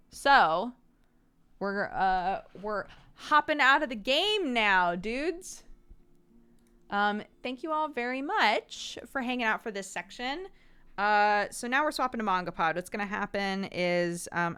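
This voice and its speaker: A young woman chats casually to her live-stream viewers in an upbeat way, thinking aloud as she sets things up. Her voice is smooth and clear at a middle pitch, picked up by a desk streaming mic at home. Faint game music plays underneath. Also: pushed and bright. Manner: chatty and upbeat, thinking aloud while setting up.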